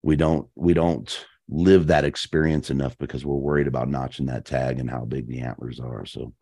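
Very deep-voiced man, dry sound. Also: moderate pace, husky, no echo. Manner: animated, slangy, peppers speech with "man" and "dude". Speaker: podcast guest telling hunting stories. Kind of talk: casual storytelling chat.

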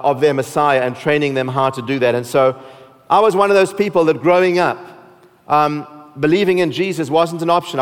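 South african guy preaching, kinda high voice, big echoey hall, jokes and laughs along. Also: smooth. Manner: joking, with laughs and restarts. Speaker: pastor. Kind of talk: sermon. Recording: long hall reverb.

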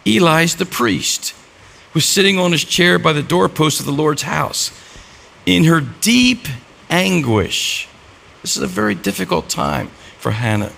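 Gravelly-voiced man preaching a sermon. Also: fairly high pitch, expressive, a little slow, fairly bright tone. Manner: storytelling with acted-out dialogue. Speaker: pastor.

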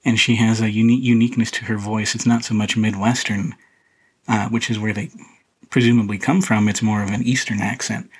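A man hosting a podcast, casually talking through a film in a relaxed, rambling way with many fillers and restarts. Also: fairly low pitch, brisk, breathy edge, poor audio. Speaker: podcast host reviewing a film. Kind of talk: casual solo film commentary.

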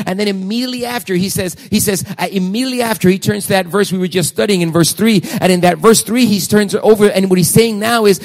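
A man delivering a sermon in a slightly high-pitched voice. He speaks fervently, leaning into scripture quotes with dramatic weight. He keeps turning to his listeners with pointed rhetorical questions. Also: fairly quick, few pauses. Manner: preaching with dramatic shifts, quoting scripture emphatically; addresses congregation directly with rhetorical questions. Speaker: pastor.

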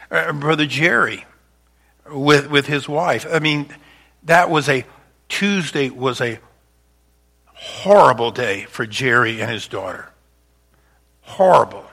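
A male pastor with a bright, forward voice delivers a sermon in an easygoing, conversational way. He restarts phrases often, swelling loud on key points and falling to a near hush on tender moments. His pitch sits in an ordinary middle range.

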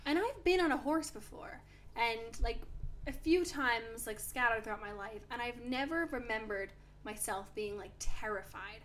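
A woman's voice: fairly high pitch, moderate pace, fairly bright tone, slight background noise. A young woman co-hosting a podcast, chatting casually and telling stories with lots of "like" fillers. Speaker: podcast co-host. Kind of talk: casual chat.

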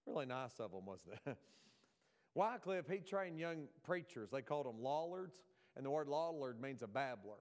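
A man's voice: mid-range voice, expressive, moderate pace. A man with a Southern American accent, preaching a folksy sermon full of jokes and asides to the congregation.

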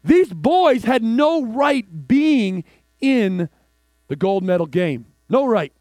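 A man preaching a sermon, telling a story and swinging from hushed, slow lines to excited outbursts. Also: very high voice, no echo. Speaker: pastor.

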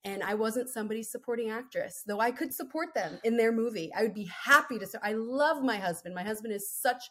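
A woman's voice: fairly high pitch, expressive, a little fast, bright, forceful tone. A woman in her thirties, a guest on a podcast, telling her own story in an earnest, upbeat, conversational way, often tagging lines with "right?". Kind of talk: casual interview chat.

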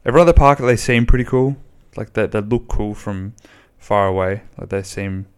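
On his own podcast, a man chats casually and bluntly by himself, rambling and swearing freely. His voice is lowish and smooth, at a moderate pace.

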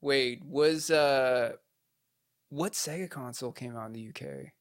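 A man's voice: mid-range voice, unhurried, no echo, studio quality. A man co-hosting a podcast, talking in casual, joking banter that is often profane. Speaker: podcast co-host. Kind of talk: casual chat.

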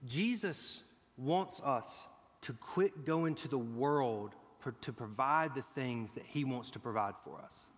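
A man preaching a sermon as a guest pastor, earnest and growing excited as he speaks. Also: mid-range voice, slow pace. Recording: long hall reverb.

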